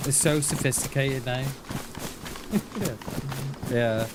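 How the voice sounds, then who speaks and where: Unhurried male streamer, matey and rambling, game sounds clearly under the voice. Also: mid-range voice, fairly even intonation. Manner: rambling, chummy, addresses chat as mate and buddy. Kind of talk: casual live-stream chat while playing. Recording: clear game noise behind the voice.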